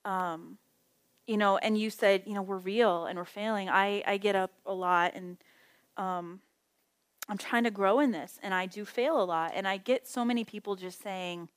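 A middle-aged woman teaching a Bible study in a casual, conversational way, telling stories with lively acted-out quotes. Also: medium pitch, moderate pace, smooth.

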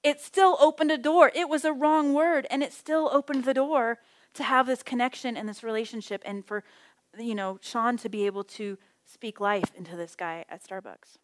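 A middle-aged woman teaching a Bible study in a casual, conversational way, telling stories with lively acted-out quotes. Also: a little high, normal speed.

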